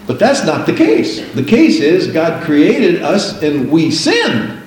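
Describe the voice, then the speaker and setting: Older preacher in a booming echoey church. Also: male voice, wildly swooping pitch, a little mellow. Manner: preaching with chanted, sung prayer and rising, drawn-out praises. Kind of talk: sermon.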